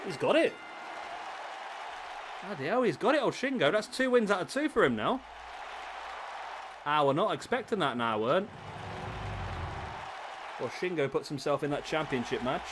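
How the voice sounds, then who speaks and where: A man's voice: fairly high pitch, moderate pace, pauses often. Jokey man streaming a game. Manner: excitable, jokey, bantering with chat. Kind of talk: live-stream wrestling game commentary. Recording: game crowd noise behind voice. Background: wrestling game crowd and arena noise.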